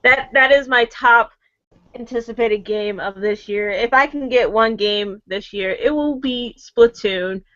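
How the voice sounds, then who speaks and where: Excited woman gushing on a podcast. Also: a little high, measured pace, no room sound. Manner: enthusiastic, gushing. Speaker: podcast guest. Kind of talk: casual chat. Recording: dull dry lo-fi recording.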